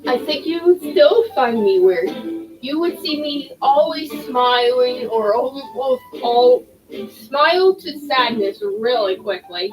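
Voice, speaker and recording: A woman plays a video game and chats casually over it, rambling with self-deprecating asides in a let's-play. Her high voice is expressive and slow, with game music underneath and poor audio.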